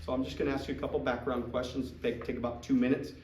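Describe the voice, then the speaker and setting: A man's voice: medium pitch, rapid-fire, reverberant, distant mic, a little hiss or hum, rough recording. A man coaching recruits in a live talk to a group, acting out sales dialogues. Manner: animated, acts out sales dialogues. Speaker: business trainer coaching recruits.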